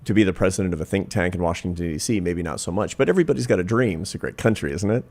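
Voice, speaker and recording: A man's voice: low voice, lively intonation, very fast, darkish tone. A man in his fifties, a social scientist, telling a personal story in an interview, earnest and reflective, building to emphatic points. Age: 50s.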